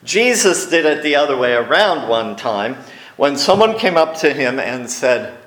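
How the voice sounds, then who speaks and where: The pastor's mid-range voice swings widely in pitch, unhurried and fairly bright, echoing through the church sanctuary. He preaches a sermon built on stories, acting out the quoted lines with a raised voice.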